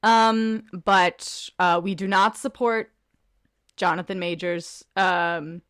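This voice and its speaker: Animated, emphatic woman podcast co-host. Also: on the low side, takes it slowly, clean tone. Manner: animated and emphatic, laughs often. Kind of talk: casual chat.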